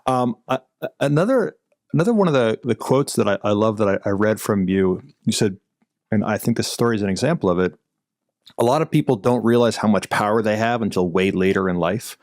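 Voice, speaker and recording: A man's voice: lowish voice, lively intonation, fairly quick, a little mellow, no room sound, clean studio sound. A man hosting a podcast who asks his guest long, thoughtful questions. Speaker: podcast host. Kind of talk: interview questions.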